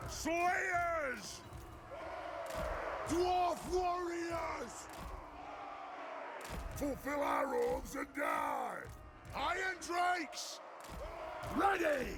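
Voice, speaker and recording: Gravelly, drawn-out roars from stout dwarf warriors in a battle video game. They bark orders and oaths with fierce pride, the voice high and strained from yelling. Game audio with loud battle noise underneath. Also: male voice, heavily acted. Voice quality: gravelly, always shouting. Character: gruff male dwarf warriors bellowing battle cries.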